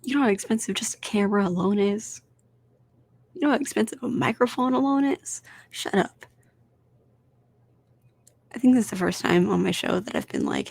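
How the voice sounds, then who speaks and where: Gravelly-voiced woman ranting on a podcast. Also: mid-range voice, normal speed, pauses often, no room sound. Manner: animated, swears freely, rambles with fillers. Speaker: podcast host. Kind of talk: casual solo podcast ranking films.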